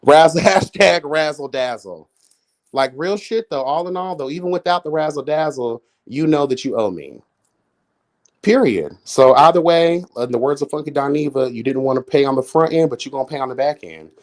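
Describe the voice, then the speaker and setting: A man doing casual live-stream commentary, sassy and flamboyant, swearing often, jumping into high exclamations and chatting with viewers. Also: lively intonation, normal speed. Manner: chats with viewers in chat.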